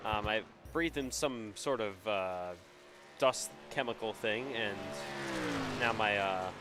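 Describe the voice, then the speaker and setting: A man with a congested, stuffed-up voice giving casual live commentary on a sim race as the stream host, relaxed and chatty with frequent fillers. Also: lowish voice, slow pace, loud music behind the voice.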